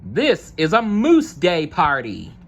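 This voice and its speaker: A man's voice: fairly high pitch, wildly swooping pitch, slow, voice pushed up, heavily acted. A man voicing a kind male zebra in a read-aloud storybook, announcing and reassuring in a raised, upbeat voice. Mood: encouraging. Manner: announcing, encouraging.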